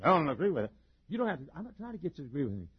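A man's voice: on the high side, very animated, very fast, slightly rough. Chuckling folksy male preacher. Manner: folksy and joking, with lots of chuckles and restarts; swings widely between loud and soft. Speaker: pastor. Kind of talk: sermon. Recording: dull lo-fi sermon recording.

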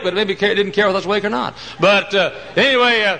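A middle-aged man preaching a sermon, telling folksy stories and swinging between loud mock-pompous lines and hushed asides. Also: high-pitched, animated, very fast, gravelly, hardly any pauses, low-quality recording.

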